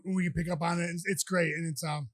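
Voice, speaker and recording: A man in his thirties chats as a podcast guest, racing through rambling anecdotes crowded with fillers. His voice sits a bit high for a man and sounds dry and close, with no room around it. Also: little pitch movement, fast, fairly bright tone, no echo. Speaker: podcast guest, pro fighter. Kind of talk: casual storytelling chat.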